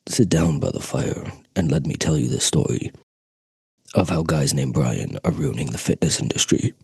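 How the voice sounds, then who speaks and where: A man putting on the voice of an old male storyteller by the fire, slow and mock-grand. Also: rumbling low, vocal fry, darkish tone, slightly rough, dry recording, pitched below the performer's own voice, full character voice. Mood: mock-solemn.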